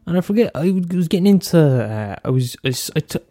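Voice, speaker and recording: A man's voice: on the high side, sing-song, quick pace, warm tone, soft background music. A man hosting a solo podcast, rambling casually with lots of swearing, fillers and restarts. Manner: loose and profane, many fillers and restarts. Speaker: podcast host.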